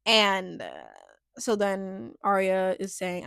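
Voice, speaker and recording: Young woman, fairly high voice, casual vlog chat, lots of fillers, dry close mic. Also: measured pace, sharp tone, no echo. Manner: chatty, heavy filler words, frequent laughs. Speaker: reality TV recap vlogger.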